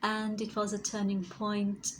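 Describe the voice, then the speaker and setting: A woman's voice: medium pitch, monotone, a little slow, slight background noise, low-quality recording. A woman, a spiritual healer, telling her personal story in a reflective vlog, sometimes dropping to a whisper.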